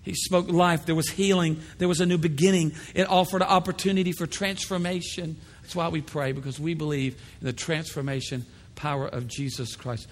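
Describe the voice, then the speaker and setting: Pastor preaching to his church, animated with voices put on; high man's voice in a reverberant sanctuary. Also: brisk, few pauses. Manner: animated, acts out voices of others. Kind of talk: sermon. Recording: long hall reverb.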